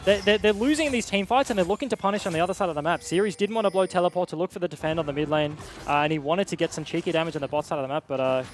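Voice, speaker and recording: A man giving quick analytical color commentary on an esports match, bantering with his co-caster. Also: high-pitched.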